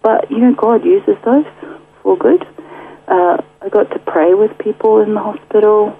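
A woman shares her story as a radio guest in a chatty, filler-filled way, laughing often. Her voice is husky. She is heard over a thin, tinny phone line. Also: mid-range voice, unhurried. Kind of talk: casual testimony.

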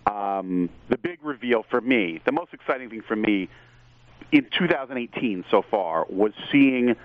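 An excitable man hosting a chatty show talk, rambling eagerly from one point to the next. His voice comes through a thin, tinny line like a phone call. The sound is dry and close, with no room around it. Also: on the low side, a little slow, no echo. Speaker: podcast host. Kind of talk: casual TV discussion.

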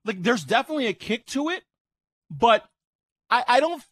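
Excitable man reviewing food live on radio. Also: very high voice, normal speed, no echo. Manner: excited, loud outbursts while eating. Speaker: radio co-host.

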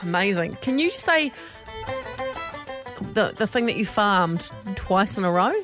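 A woman's voice: mid-range voice, expressive, unhurried, over music. A woman co-hosting a radio show, teasing her co-host in playful, giggly banter.

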